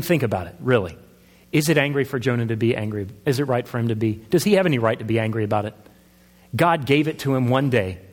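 A man's voice: medium pitch, slightly rough. A man pastor preaching a sermon in a conversational way, asking his listeners questions. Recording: long hall reverb.

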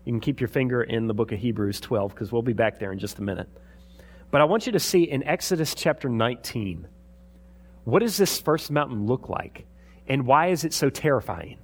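A man's voice: mid-range voice, lively intonation, a little fast. Guy preaching, casual chatty sermon, reads verses then explains. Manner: conversational preaching, reads scripture aloud. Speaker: pastor.

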